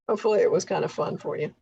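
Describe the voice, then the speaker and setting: A woman leading a tutor training workshop, explaining things patiently with occasional soft laughs. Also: mid-range voice, creaky, muffled recording, slight background noise. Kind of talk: workshop instruction.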